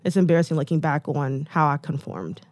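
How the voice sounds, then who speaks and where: A woman's voice: low-pitched, animated, a little fast, a little mellow, dry recording. Female guest, 30s, from the US, candid storyteller, chatty with frequent fillers, close dry mic. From United States. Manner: chatty, many "like"s and "um"s, acts out quotes.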